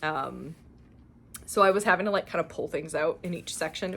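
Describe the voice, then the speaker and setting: A woman's voice: sits low, fairly quick, gravelly, a bit bright, breathy edge. A young woman from Canada hosting a cross-stitch channel, chatting casually and gushing over her shopping finds. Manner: gushing, chatty, lots of fillers and laughs. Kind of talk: casual show-and-tell chat.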